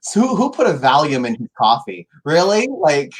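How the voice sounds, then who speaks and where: A man's voice: a little high, big pitch swings, moderate pace. A young man co-hosting a casual podcast, campy and theatrical, with crude jokes. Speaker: podcast co-host. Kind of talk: casual chat.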